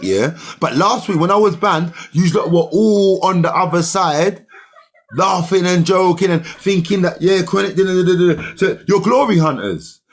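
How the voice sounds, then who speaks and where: A man's voice: sits high, breathy edge. A young man, ranting heatedly at commenters on a livestream in slangy, argumentative talk.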